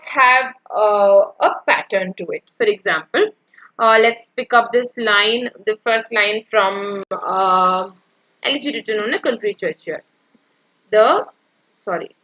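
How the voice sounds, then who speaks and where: In a lo-fi recording, a female English literature teacher with a slightly high, fairly bright voice gives an exam-prep lecture on poetic meter. She checks in with "yeah" and counts the feet out loud.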